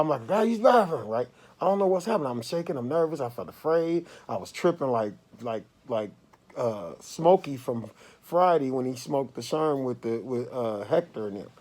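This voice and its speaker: Man telling a wild story from a hospital bed. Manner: animated, swings from low murmurs to loud outbursts. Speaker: vlogger. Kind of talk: casual storytelling to camera. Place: hospital room.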